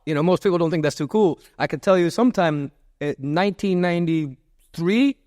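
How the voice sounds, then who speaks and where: Rambling man, fairly high voice. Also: a little fast, a little mellow, no room sound, clean studio sound. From Miami, USA. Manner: loose, repetitive, with many restarts and fillers. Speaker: podcast guest. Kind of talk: rambling interview storytelling.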